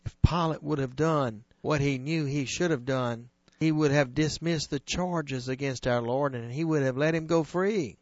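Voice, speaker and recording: A man preaching a sermon that retells scripture, earnest and emphatic, slowing on key phrases. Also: on the high side, no echo, muffled recording.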